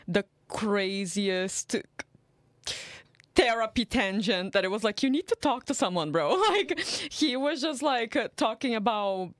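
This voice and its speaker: Quick excited young woman. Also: mid-range voice, dry recording, clean studio sound. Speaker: podcast co-host. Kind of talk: casual chat.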